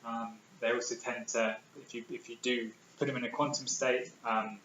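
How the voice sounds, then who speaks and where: A man's voice: medium pitch, flat delivery, moderate pace, a bit bright, slight background noise. A British man giving a public physics lecture, eager and full of ums and restarts. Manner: enthusiastic, many ums and restarts. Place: lecture hall. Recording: roomy, slightly dull lecture recording.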